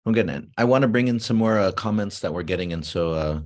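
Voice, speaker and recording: A man's voice: low-pitched, fast talker, darkish tone. A man hosting a live online show, reading out viewer comments over a video call. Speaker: host.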